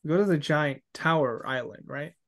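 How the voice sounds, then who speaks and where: A man's voice: on the high side, normal speed, gravelly, a bit bright. A man playing a tabletop game, eager and joking, often laughing. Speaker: player.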